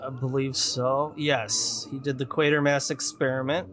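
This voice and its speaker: A man's voice: mid-range voice, level tone, normal speed, a bit bright. A man co-hosting a film podcast, giving background facts in casual chat with plenty of fillers. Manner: informative, filler-heavy. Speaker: podcast co-host.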